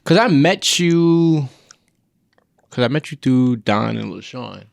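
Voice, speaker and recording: Easygoing podcast host, dry close sound. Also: male voice, mid-range voice, animated, slow, creaky, no echo. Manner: easygoing, joking, gives shout-outs and acts out quotes. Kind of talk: casual interview chat.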